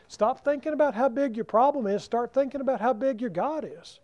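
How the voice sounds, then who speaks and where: Preacher guy, emphatic, drags out key words, high pitched, muffled lo-fi sound. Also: animated, normal speed, mellow. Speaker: pastor. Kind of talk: sermon. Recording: dull lo-fi recording.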